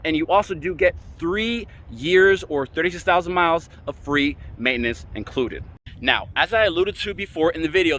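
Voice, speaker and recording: Bright-voiced upbeat car salesman. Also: slight background noise. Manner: upbeat salesy pitch, playful argumentative asides. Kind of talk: casual car review vlog. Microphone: phone camera.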